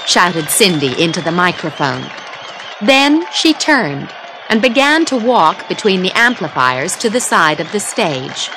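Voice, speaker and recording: A woman's voice: lowish voice, sing-song, a little slow, crowd noise, noisy background. A woman reading a story aloud in a careful scripted narration style. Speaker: story reader.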